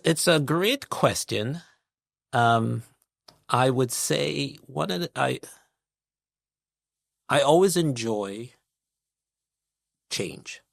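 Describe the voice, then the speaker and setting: A middle-aged man from Trinidad, a guest investor speaking in a measured, reflective interview manner, building his points with analogies and lists. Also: medium pitch, lively intonation, gravelly, no room sound, clean studio sound.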